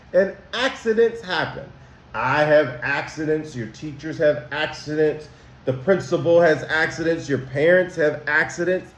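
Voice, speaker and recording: A man, a school counselor talking to students about manners, slow and emphatic, asking them questions. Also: on the high side. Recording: roomy echo.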